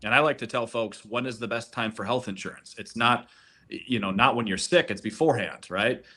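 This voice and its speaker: A man's voice: medium pitch, fairly quick, sharp tone. A man speaking as a gold consultant on a webinar, persuasive, often repeating a word as he starts. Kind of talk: webinar presentation.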